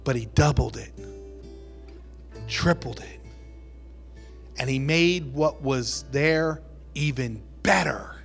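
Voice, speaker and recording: A man's voice: a little high, slow pace, gravelly, pauses often, faint music behind. A man preaching a sermon in a conversational, emphatic storytelling way, likely in a church.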